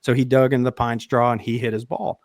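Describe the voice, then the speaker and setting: Animated, swearing man telling a podcast story. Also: mid-range voice, a little fast, no echo, studio quality. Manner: animated storyteller, swears freely, laughs mid-sentence. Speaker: podcast host. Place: podcast studio.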